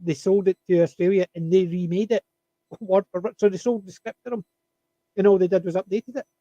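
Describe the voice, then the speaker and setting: A man chatting on a panel, telling an animated anecdote and chuckling at his punchlines. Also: high-pitched, a little fast, dry recording, muffled recording. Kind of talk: casual storytelling chat.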